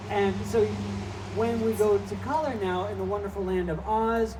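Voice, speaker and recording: A male comic on a small stage, his fairly high voice reaching a mic set a little way off. He tells rambling, profane stories full of asides. A faint hiss sits under the recording. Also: steady tone, moderate pace. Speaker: stand-up comedian. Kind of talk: live stand-up set. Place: small live comedy venue with audience. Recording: distant mic with faint background noise.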